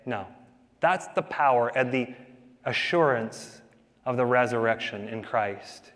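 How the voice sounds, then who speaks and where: A man preaching a sermon in a dramatic way, rising to loud declarations and dropping to near whispers. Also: mid-range voice, measured pace, long reverb tail. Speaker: pastor.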